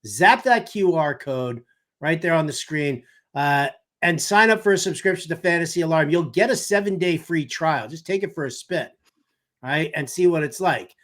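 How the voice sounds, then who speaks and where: A man in his mid-fifties hosts a fantasy baseball podcast, chatting casually in a rambling, jokey way and cursing freely. His voice is a little high and a bit bright, at a normal speed.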